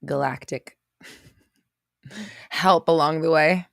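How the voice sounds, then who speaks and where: Gravelly-voiced woman chatting on a livestream. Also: low-pitched, fairly even intonation, slow, no room sound, clean studio sound. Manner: chatty, reads out viewer comments. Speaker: livestream host. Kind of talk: casual livestream chat greeting viewers.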